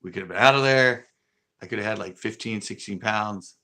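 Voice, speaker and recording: A man's voice: lowish voice, moderate pace, bright, forceful tone. A man from California, an angler, casually telling a rambling fishing story on a livestream and acting out what others said. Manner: rambling, acts out quoted dialogue.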